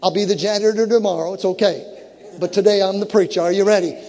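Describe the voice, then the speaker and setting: A man with a high voice preaches a sermon, his words ringing through a long hall reverb. He builds to fervent shouts and drops into joking asides to the congregation. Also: steady tone, fast talker.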